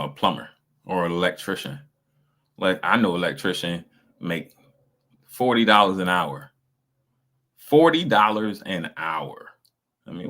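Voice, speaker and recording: A man's voice: low-pitched, pushed and bright. A man, reacting to videos on a stream. He talks in a blunt, casual way, profane and mocking. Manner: blunt, profane, mocking, acts out quoted voices.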